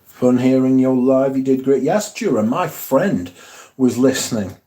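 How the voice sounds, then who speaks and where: A man with a mellow, warm, relaxed voice hosts a casual livestream from home. He rambles, swears freely and reads viewer comments aloud between his own asides. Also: medium pitch, measured pace. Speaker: fragrance livestream host.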